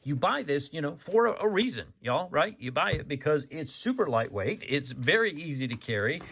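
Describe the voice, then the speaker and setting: A man's voice: on the high side, sing-song, normal speed, a bit bright, breathy edge. A man giving a casual, rambling knife review, folksy and saying "y'all" often.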